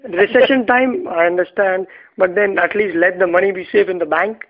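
A man with an Indian English accent telling a personal story in a relaxed, easy-laughing manner. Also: high voice, normal speed. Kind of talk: casual anecdote telling. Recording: tinny phone-like sound.

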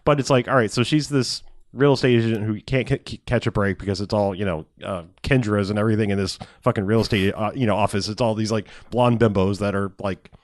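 A man's voice: lowish voice, steady tone, quick pace, few pauses, no echo, clean studio sound. A man casually recapping a movie plot in a rambling, profane way, laughing often.

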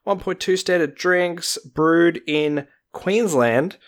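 A man's voice: on the high side, slow pace. A young Australian man co-hosting a casual podcast, wryly reading out researched stories with jokes mixed in. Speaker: podcast co-host.

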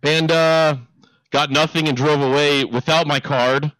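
A man's voice: a little high, fairly even intonation, a little slow, noisy background. A man on a casual comedy podcast, telling a laid-back, wry story.

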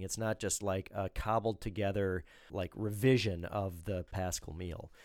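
Low-pitched pastor guy, dry close sound, lecturing on scripture. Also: darkish tone, no echo. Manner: explanatory, lecturing, emphatic. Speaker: pastor, co-host. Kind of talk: theological discussion.

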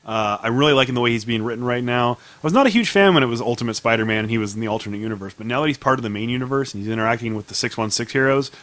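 A man's voice: medium pitch, rapid-fire, hardly any pauses, fairly bright tone. A man hosting a casual chat, upbeat and steering the talk. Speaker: podcast host.

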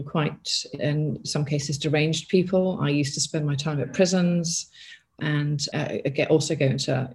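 A middle-aged woman speaks with a noticeable gravelly fry in her voice. She is an author answering an interviewer's questions. She thinks aloud, backtracks and restarts her sentences. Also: low-pitched, darkish tone. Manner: thoughtful, with frequent restarts and asides.

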